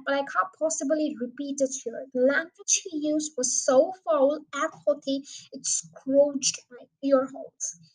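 A woman reading a children's novel aloud as a podcast host, in a plain, careful manner with lively emphasis. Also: sits high, rough recording. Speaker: audiobook reader. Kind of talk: storybook reading.

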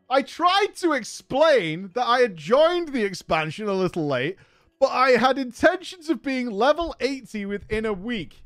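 A man with a high, bouncy voice reads a story aloud for laughs. He keeps breaking off into swearing, giggling commentary. His voice is dry and close, and faint music plays behind it. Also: measured pace, no echo. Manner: animated, profane, laughing asides. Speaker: podcast host reading a story. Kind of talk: comedic story reading with commentary.

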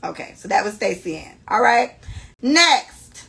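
A young woman hosting a podcast, chatting casually and reading listener stories in a brash, animated way. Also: medium pitch, measured pace, gravelly. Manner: animated, brash storytelling with frequent cursing. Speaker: podcast host.

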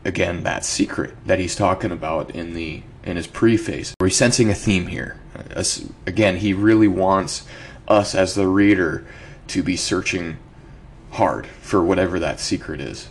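A man hosting a book club podcast, talking casually and throwing out animated, incredulous rhetorical questions. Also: low voice, a little slow, a little hiss or hum. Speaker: host.

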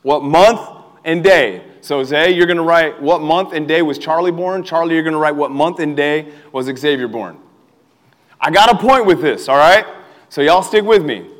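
Young male youth pastor, high voice, animated and playful with the crowd, recorded in a reverberant hall. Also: normal speed. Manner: animated, calls for crowd responses, laughs often. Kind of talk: energetic sermon. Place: church hall with a live audience.

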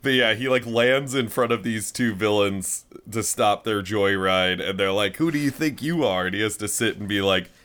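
A man co-hosting a podcast in casual chat, enthusiastic and laughing often, with frequent "like" fillers. His voice sits fairly low but comes across bright and forceful. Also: steady tone, moderate pace, few pauses, smooth. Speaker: podcast co-host.

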